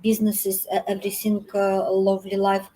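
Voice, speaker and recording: Russian-accented woman in halting English. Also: mid-range voice, completely flat delivery, dark tone, low-quality recording. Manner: halting broken English with many restarts. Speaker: guest. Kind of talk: casual chat. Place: hotel.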